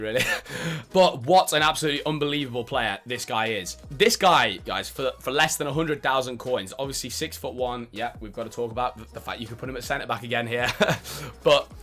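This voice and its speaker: A man's voice: mid-range voice, fairly bright tone. A young man giving casual, enthusiastic gaming commentary, chatty and self-mocking. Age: young adult. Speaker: esports content creator.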